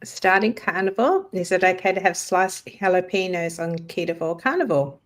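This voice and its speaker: A woman's voice: on the low side, moderate pace. A woman co-hosting a live Q&A who reads viewer comments aloud in a plain way. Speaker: co-host reading viewer comments. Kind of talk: live Q&A chat.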